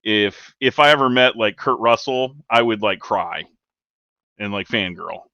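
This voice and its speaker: A middle-aged man co-hosting a podcast in casual chat, laughing along and answering with quick agreement. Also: fairly low pitch, pushed and bright, dry recording, highs cut off. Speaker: podcast co-host.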